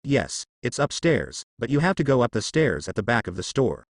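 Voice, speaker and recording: A man's voice: medium pitch, big pitch swings, measured pace, breathy edge, no echo, heavily acted. Male reader as a terrified young woman; stammering, trembling, dry close mic. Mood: frightened. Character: frightened young woman survivor.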